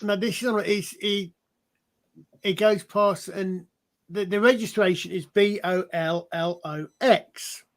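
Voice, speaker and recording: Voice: mid-range voice, fairly even intonation, slow pace. A guest on a casual panel chat tells a comedy story in a rambling way, restarting often. The voice sits in a middle range.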